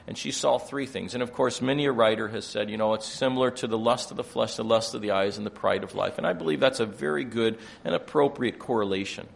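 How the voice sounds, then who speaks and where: An older man preaching a sermon, moving between quiet explanation and loud, emphatic passages. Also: fairly low pitch, vocal fry.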